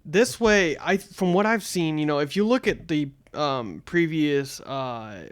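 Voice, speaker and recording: A man's voice: on the high side, animated, measured pace, clean tone. Rambling young man on a podcast. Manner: rambling, many fillers and restarts. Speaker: podcast co-host. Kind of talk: casual chat.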